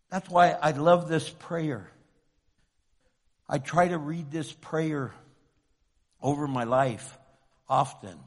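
Man, pastor, high voice, hushed to impassioned, long reverb. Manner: swings from hushed to loud and impassioned. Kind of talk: sermon.

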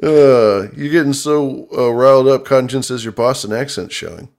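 A man's voice: mid-range voice, normal speed, vocal fry, a little mellow. A man co-hosting a casual livestream chat, swearing freely and cracking puns. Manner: profane, joking, punning. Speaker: co-host.

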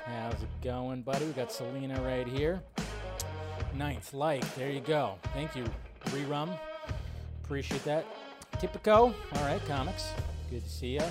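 A man's voice: medium pitch, unhurried, over loud music. A man hosting a live film news stream, chatting loosely with viewers and rambling between greetings.

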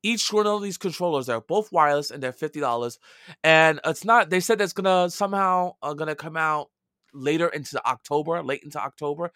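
A man's voice: on the high side, a little fast, a bit bright, dry recording, studio quality. A man with a Brooklyn accent co-hosting a casual gaming podcast, chatty and loose, with mild swearing and frequent restarts. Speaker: podcast co-host.

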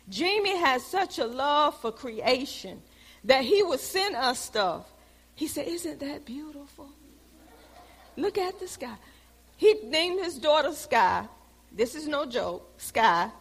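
A woman teaching a Bible lesson in a preaching style, telling stories with lively, loud exclamations. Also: sits high. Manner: animated storytelling, rises to loud exclamations. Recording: long hall reverb.

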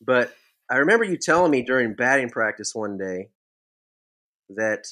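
A man of average pitch hosting a podcast, trading old team stories in an easygoing, playful way. He moves from the jokes into questions for his guest. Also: sing-song, normal speed, sharp tone. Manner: easygoing storyteller, playful prankster tone. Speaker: podcast host, former ballplayer. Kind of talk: casual interview chat.

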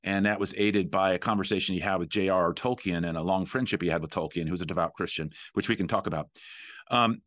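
Middle-aged guy on a podcast, real low voice, dry close mic, lots of ums. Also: fast talker, no room sound. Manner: relaxed, with frequent fillers and restarts. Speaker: podcast host. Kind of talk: conversational podcast talk.

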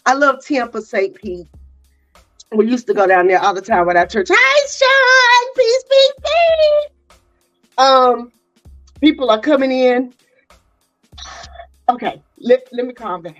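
A woman's voice: fairly high pitch, unhurried, pauses often. A woman hosting a casual live-stream interview, exuberant and chatty, greeting viewers by name. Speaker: podcast host. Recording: dull lo-fi audio with faint music.

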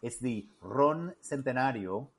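Halting podcast co-host man. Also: mid-range voice, animated. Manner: halting, repeats words, self-deprecating. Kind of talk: casual chat.

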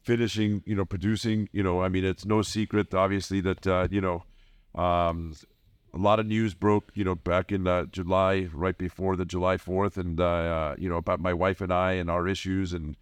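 A man as a podcast guest in casual chat, relaxed and upbeat, with many fillers. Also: deep voice, moderate pace, clear, resonant tone, no room sound. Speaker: podcast guest, real estate company owner.

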